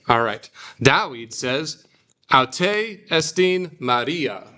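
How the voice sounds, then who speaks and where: Slow bright-voiced male teacher. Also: mid-range voice, expressive. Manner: slow, drawn-out model phrases for repeating. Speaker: Greek teacher. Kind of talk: classroom teaching. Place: classroom.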